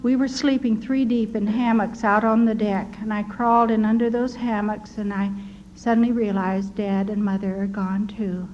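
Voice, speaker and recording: An older American woman earnestly recounting personal wartime memories in a tender, animated storytelling manner, with a slightly dull recording and faint hiss. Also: medium pitch, moderate pace. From United States. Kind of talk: personal testimony.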